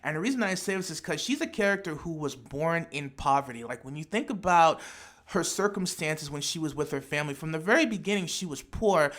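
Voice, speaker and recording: A man's voice: fairly high pitch, animated, fairly quick, a bit bright. A man talking through an anime fan theory in a casual, speculative way, thinking aloud with frequent restarts and repeated words. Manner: speculative, imaginative storytelling. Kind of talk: casual spoken analysis.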